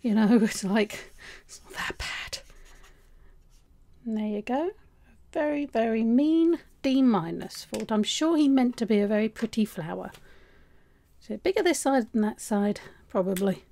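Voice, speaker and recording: A woman chatting casually through an art supply unboxing, rambling and restarting her sentences, her voice going a little hoarse. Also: on the high side, animated, normal speed, warm tone. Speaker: art vlogger.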